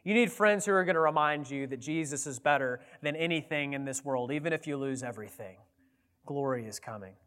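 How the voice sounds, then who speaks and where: A pastor giving a sermon, earnest and at times emphatic, recorded in a church sanctuary. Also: male voice, mid-range voice, a little fast, fairly bright tone, in a large hall. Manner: earnest, rising to emphatic appeals.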